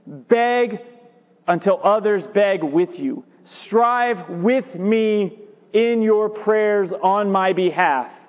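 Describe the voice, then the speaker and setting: A man preaching a sermon as pastor, animated and jokey, repeating his points for emphasis. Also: high voice, a little slow. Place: church sanctuary. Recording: reverberant church hall.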